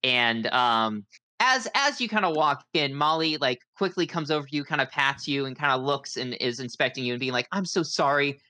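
A woman's voice: very deep voice, expressive, a little fast, bright, forceful tone, no echo. A woman narrating a tabletop game as game master, chatty and laughing often.

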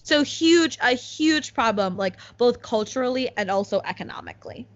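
A young woman chatting casually as a co-host, explaining news with lots of "like" and quick laughs. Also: a little high, lively intonation. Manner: chatty, many "like"s, laughs at own jokes. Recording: slightly muffled lo-fi audio.

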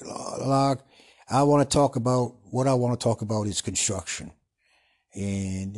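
A man hosting a podcast in a casual, rambling monologue, often losing his train of thought and restarting, with a husky voice. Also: medium pitch, darkish tone. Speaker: podcast host.

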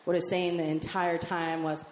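A woman doing stand-up comedy on stage, telling a brash, profane story and acting out the dialogue in quick voices. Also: lowish voice, flat delivery, darkish tone, reverberant, a little hiss or hum.

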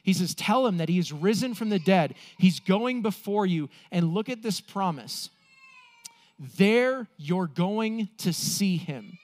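A man preaching a sermon as pastor, earnest, slowing down for emphasis and acting out the quotes he reads. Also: sits high, expressive.

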